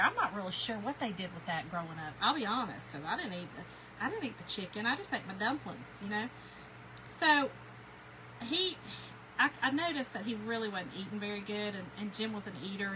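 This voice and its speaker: Bright-voiced Southern woman chatting. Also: a little high, slight background noise, low-quality recording. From Kentucky. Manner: chatty storyteller with folksy Southern slang. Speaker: crafting livestream host. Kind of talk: casual chat reading live comments.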